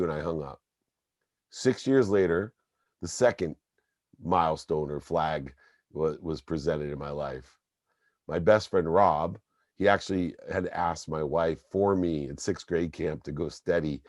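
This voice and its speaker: A middle-aged man, a guest on a podcast, telling personal stories in an emphatic, animated way. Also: rumbling low, measured pace, no echo, clean studio sound. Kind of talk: storytelling interview.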